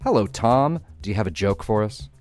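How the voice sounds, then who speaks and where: Man, middle-aged, radio host, playful, animated delivery, dry studio sound. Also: on the low side, brisk, dry recording, soft background music. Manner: playful, enthusiastic storyteller. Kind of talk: radio call-in joke show.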